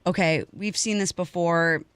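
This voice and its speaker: A woman's voice: fairly low pitch, fairly even intonation, a little slow, smooth, no room sound. Emphatic woman mortgage co-host. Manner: emphatic, keeps asking "right?". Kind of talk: radio business talk show.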